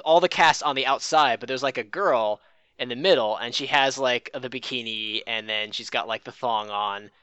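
A man on a podcast, rambling and halting, often laughing. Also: mid-range voice, sharp tone, clear, resonant tone, no echo, lo-fi sound. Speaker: podcast co-host. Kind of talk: casual chat.

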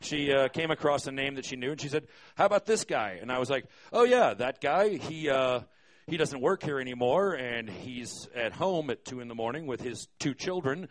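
A man's voice: medium pitch, animated, moderate pace. Wry, profane male storyteller. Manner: wry, profane, hesitant with many fillers. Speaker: storyteller, concert venue manager. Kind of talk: live stage storytelling.

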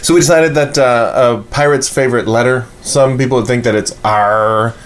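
Male podcast host, mid pitch, rambling jokey casual chat. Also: normal speed, few pauses, a little hiss or hum. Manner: rambling, joking, frequent filler.

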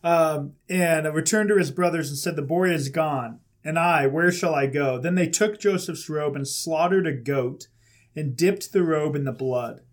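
Man reading aloud, higher-pitched, plain and steady. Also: normal speed.

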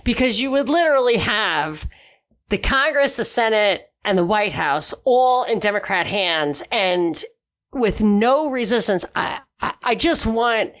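A woman's voice: medium pitch, expressive, a little slow, fairly bright tone. A woman co-hosting a casual political podcast, opinionated and thinking aloud as she goes. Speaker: podcast co-host.

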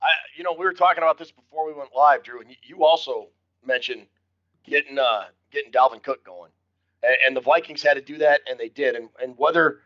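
A man's voice: mid-range voice, fairly quick. An older man co-hosting a casual sports talk show, jovial and chatty, often repeating his first words as he starts a thought. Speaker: podcast co-host. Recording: dull lo-fi audio.

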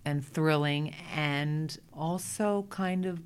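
A middle-aged woman with a Brooklyn accent, telling lively stories as a guest in a casual interview. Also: deep voice, a little hiss or hum. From Brooklyn, New York. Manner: chatty, animated anecdotes with quick restarts. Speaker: guest, Broadway performer.

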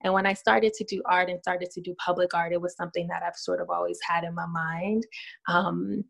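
A woman's voice: on the low side, fairly even intonation, fairly quick, gravelly, poor audio. A woman street artist telling a personal story in an earnest, reflective way, with frequent ums.

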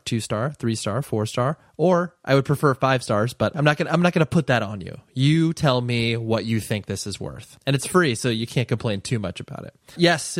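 A man hosts his podcast with a stuffy, congested voice from a cold. He talks in an excitable, rambling and self-deprecating way, in an ordinary middle pitch. The sound is dry, with no room around it. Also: no echo. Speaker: podcast host. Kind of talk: casual podcast chat.

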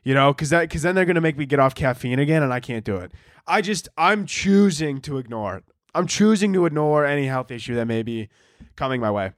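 A man's voice: on the high side, animated, a little fast, no room sound, studio quality. Rambling, swearing podcast host man. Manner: rambling, profane, self-mocking. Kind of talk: casual solo chat.

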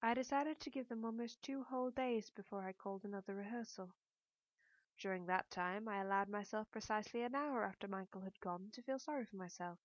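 A woman's voice: mid-range voice, dry recording. Woman reading a novel in first person, medium voice, dry dull-sounding mic. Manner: measured, introspective reading. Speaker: audiobook narrator. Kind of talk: first-person audiobook narration.

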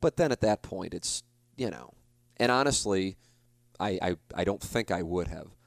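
A man's voice: low voice, animated, normal speed, creaky, no echo. A man in his forties, a podcast host, telling a rambling, self-deprecating story in a casual monologue. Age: 40s.

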